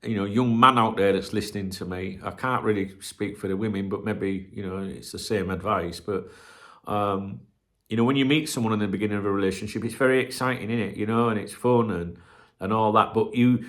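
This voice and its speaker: A middle-aged man, talking to camera in a rambling, sweary, casual chat as a channel host. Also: lowish voice.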